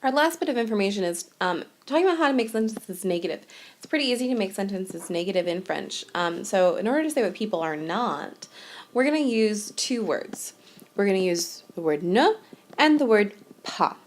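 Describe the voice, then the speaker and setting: A woman's voice: mid-range voice, expressive, a little fast. A woman narrating a recorded lesson as a teacher, explaining step by step in a patient, plain way. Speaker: French teacher.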